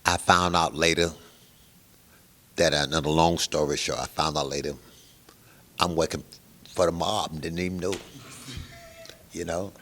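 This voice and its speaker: An older man telling a long story in an interview, animated and acting out the other people's lines. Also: very deep voice, moderate pace, pauses often. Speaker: guest musician.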